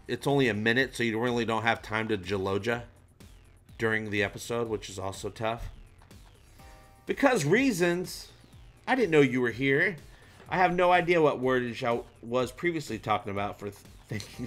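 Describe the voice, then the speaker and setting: Livestream host, male, mid-pitched, jokey and animated, faint music underneath. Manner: animated, jokey, shout-outs to viewers. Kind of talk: casual livestream chat reading comments.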